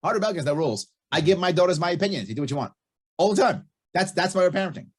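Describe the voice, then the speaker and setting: Middle-aged man, husky voice, rapid delivery, blunt, emphatic, repeats himself, podcast guest. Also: sits high, expressive. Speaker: podcast guest, libertarian candidate. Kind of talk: casual podcast interview.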